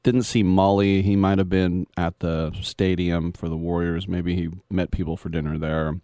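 A man's voice: sits low, flat delivery, normal speed, mellow, no room sound, studio quality. A man in his fifties, a sports radio host, telling rambling anecdotes in a casual monologue, chuckling and quoting people as he goes. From Bay Area.

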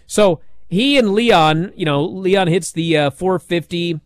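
A man hosting a wrestling recap show, talking in a sarcastic, animated way and acting out what others said. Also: sits high, slow, clean tone, no room sound. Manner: sarcastic, animated, acts out quotes. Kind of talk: casual recap commentary.

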